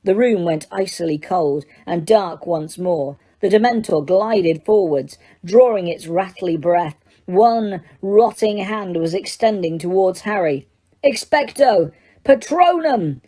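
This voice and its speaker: Mellow-voiced woman narrating an audiobook. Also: on the low side, measured pace. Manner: steady, dramatic storytelling. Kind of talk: scripted narration.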